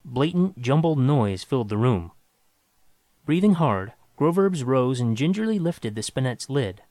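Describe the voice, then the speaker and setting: A man narrating a sci-fi tale with a very animated, swooping delivery. The sound is dry and close to the mic, with soft music faintly underneath. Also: mid-range voice, measured pace, dry recording. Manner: dramatic, lively storytelling. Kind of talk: expressive storybook reading.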